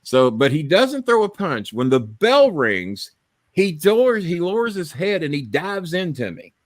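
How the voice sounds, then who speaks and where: Speaking at a measured pace in a somewhat high voice, this man is recorded with no room sound. He's a podcast host on a live stream, casually telling long stories that are profane, rambling, and animated.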